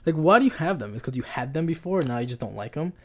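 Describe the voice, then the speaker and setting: A young man co-hosting a podcast, telling stories in casual chat with lots of restarts and an animated, rambling delivery. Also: fairly high pitch, fast talker. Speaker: podcast co-host.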